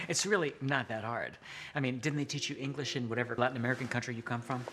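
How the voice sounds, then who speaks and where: An actor playing a mocking, condescending boss in a scripted drama. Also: male voice, mid-range voice, fast, a bit bright, slight background noise, natural voice.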